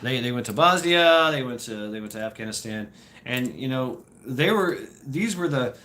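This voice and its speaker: A man in his forties chatting casually on a live stream, answering viewer questions and telling stories, often halting, repeating words and laughing. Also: mid-range voice, pushed and bright, slight background noise.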